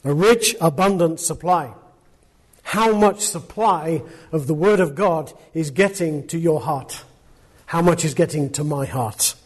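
A man's voice: a little high, a little slow, slightly rough. A man preaching a sermon, earnest and emphatic, stacking repeated words and pressing questions on his listeners.

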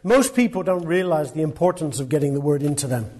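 A man's voice: fairly high pitch, expressive, quick pace, warm tone, slightly rough. A man preaching a sermon, earnest and emphatic, stacking repeated words and pressing questions on his listeners.

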